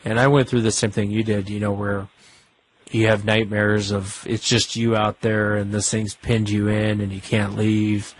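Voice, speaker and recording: A man hosting a call-in show, talking to a caller in an earnest, reassuring way and repeating phrases for stress. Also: lowish voice. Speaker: host. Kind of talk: talk radio chat.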